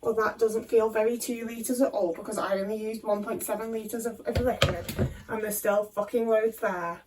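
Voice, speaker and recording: A woman's voice: a little high, steady tone, moderate pace, darkish tone, recorded from a distance, slight background noise. A young woman chatting anxiously to the camera while cooking in her home kitchen, questioning herself and swearing often. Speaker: vlogger. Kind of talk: casual cooking vlog talk.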